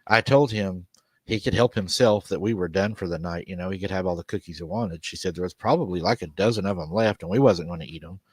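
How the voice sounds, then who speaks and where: A man's voice: low-pitched, fast, breathy edge, dry recording. A man hosting a live show, casually retelling a story with quoted dialogue and laughing often. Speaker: podcast host.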